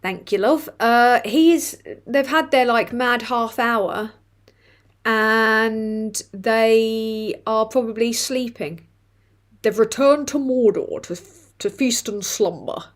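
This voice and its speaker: A woman's voice: fairly high pitch, takes it slowly. A woman hosting a casual live stream, reading chat comments aloud with swearing and laughter. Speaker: livestream host reading chat.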